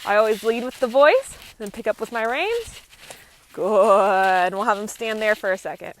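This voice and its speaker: A woman horse trainer working a horse outdoors, explaining each step in a calm, steady, instructive way. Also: mid-range voice, a little slow, a little hiss or hum. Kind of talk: live training commentary.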